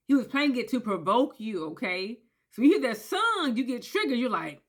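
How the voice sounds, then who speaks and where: A woman's voice: on the high side, very animated, normal speed. Emphatic woman explaining, checks in often. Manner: emphatic, acts out quoted voices, frequent "okay?" check-ins. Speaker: commentator on narcissistic abuse. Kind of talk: casual talking-head explainer.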